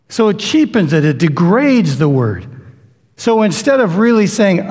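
Brief: male preacher, high voice, conversational sermon delivery, long hall reverb. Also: very animated, normal speed, darkish tone.

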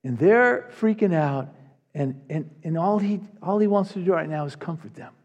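A man's voice: fairly high pitch, expressive, moderate pace, a little mellow, muffled recording. A man preaching an earnest, emphatic sermon as pastor, often repeating words as he presses a point. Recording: long reverb of a large hall.

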